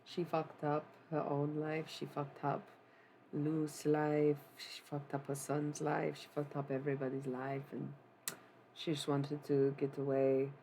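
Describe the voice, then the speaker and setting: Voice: mid-range voice, monotone, unhurried, warm tone, slight background noise. A streamer and self-styled necromancer chatting casually on a live stream and retelling a singer's life story, with rambling, offhand asides to the chat.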